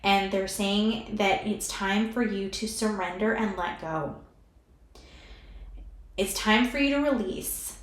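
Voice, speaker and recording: A woman giving a pick-a-card tarot reading in a soft, soothing way, emotional and close to tears as she talks straight to the viewer. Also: medium pitch, fairly even intonation, a little slow, few pauses, echoey room.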